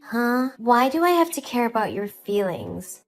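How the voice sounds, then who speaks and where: A woman puts on a spiteful young sister-in-law in a dramatized story, her voice pitched high and sharp with scorn. She snaps out accusations and dismissals. Faint music sits underneath. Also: big pitch swings, unhurried. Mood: contemptuous.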